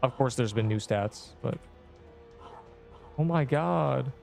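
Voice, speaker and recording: A man's voice: mid-range voice, slow pace, vocal fry, a little mellow, soft background music. A man in his twenties streaming a game, chatting casually with viewers in a rambling, offhand, slangy way. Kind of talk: casual livestream chat answering viewers.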